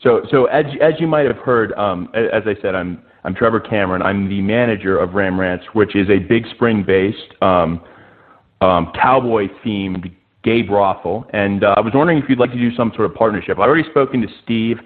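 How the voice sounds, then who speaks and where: Male caller, lower voice, salesy and hesitant, tinny phone line. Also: normal speed.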